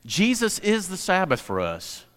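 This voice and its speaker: The pastor's high, slightly bright voice swings hugely in pitch while keeping a measured pace. He tells stories in his sermon and builds up to emphatic points, recorded with the long reverb of a large hall.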